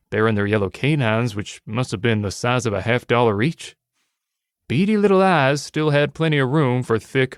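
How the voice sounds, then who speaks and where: A man's voice: mid-range voice, no echo. A man narrates an adventure audiobook in a wry, casual first-person way. His mid-range voice sounds dry and close.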